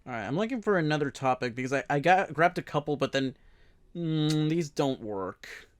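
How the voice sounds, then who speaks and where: A man's voice: a little high, expressive, normal speed. A man hosting a casual podcast chat, rambling with frequent laughs.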